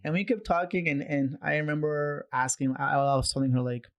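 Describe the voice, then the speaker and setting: Fast-talking man telling his story. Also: fairly high pitch, smooth. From Canada. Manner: animated, acts out quoted voices, many restarts. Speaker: podcast guest. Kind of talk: conversational storytelling.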